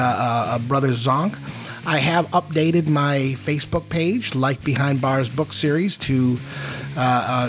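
A man telling a rambling, self-mocking story in a casual monologue, with many fillers. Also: fairly high pitch. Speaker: podcast host. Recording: faint guitar music behind.

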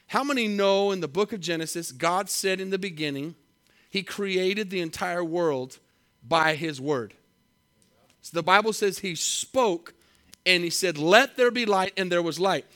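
A man preaching a sermon, reading scripture slowly and with emphasis, then telling a story in a conversational way. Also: high voice, fairly bright tone. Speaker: pastor.

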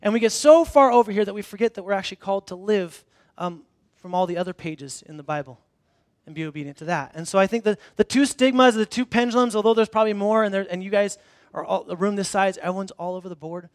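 A man with a high voice preaches to his congregation in a loose, conversational way, circling back on his words and restarting sentences. He leans on wry, self-deprecating humor as he tells stories. The sound is close and dry, with almost no room echo. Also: fast talker. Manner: casual storytelling with frequent restarts. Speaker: pastor. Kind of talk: conversational sermon. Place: church hall before a congregation.

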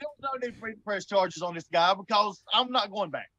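A man, telling a story in an animated way, often stammering and laughing. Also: high voice, a little fast, muffled recording. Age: 40s. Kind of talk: casual storytelling.

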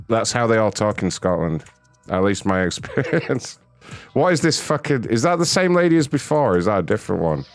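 A British man hosting a prank-call stream, talking in a profane, mocking, excitable way. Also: fairly low pitch, fairly quick, no room sound, soft background music. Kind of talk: casual live-stream chat.

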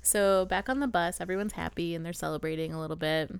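A woman's voice: on the low side, fast, creaky, smooth, no room sound. A woman co-hosting a podcast, chatting casually and giggling often as she recaps a TV episode. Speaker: podcast co-host.

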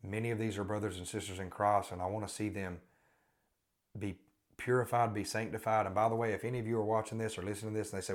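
A man's voice: on the low side, little pitch movement, quick pace. A man hosting a Christian podcast, pleading earnestly with listeners and repeating pointed questions. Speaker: podcast host and Christian teacher. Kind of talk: earnest spoken exhortation.

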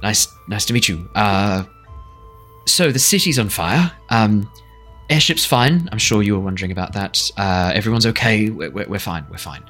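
A man doing a frazzled half-elf gentleman who trips over his words and curses freely. His voice is low and husky, with soft music behind him. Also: lively intonation. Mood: relieved. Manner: rambling, stammering, quick to curse. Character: flustered, swearing half-elf man, relieved.

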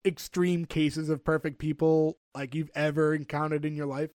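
A man's voice: on the high side, normal speed, dry recording. A man, chatting casually as a podcast co-host. He rambles through his recap with plenty of fillers. The recording is close and dry, with no room sound. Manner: animated storyteller, rambling with fillers. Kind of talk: casual chat.

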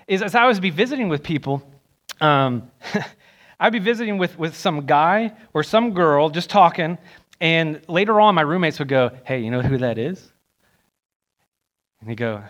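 Young male pastor, lively preacher, slightly higher voice, dramatizes quotes, church sermon. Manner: animated, acts out quoted voices with rising pitch. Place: church sanctuary.

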